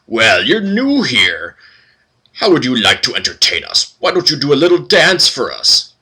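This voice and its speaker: A man's voice: mid-range voice, wildly swooping pitch, moderate pace, pushed and bright, breathy edge, voice pushed up, heavily acted. A man voicing gaudily dressed male minotaurs in a video game, speaking in a mocking drawl.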